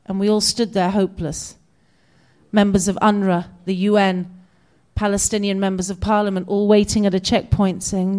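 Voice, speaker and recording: A woman in her forties from Britain with a British accent, giving an expressive personal storytelling talk as a guest speaker. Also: mid-range voice, normal speed. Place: community center hall.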